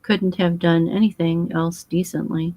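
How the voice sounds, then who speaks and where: A woman's voice: fairly low pitch, level tone, a little slow, dark tone, no echo, rough recording. A woman voicing an earnest, boyish young English husband who talks frankly and eagerly.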